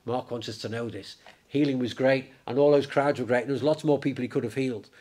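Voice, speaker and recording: A man preaching a sermon in church, lively and conversational, raising his voice when he acts out the disciples. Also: medium pitch, quick pace. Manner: animated, acts out the disciples in a raised voice.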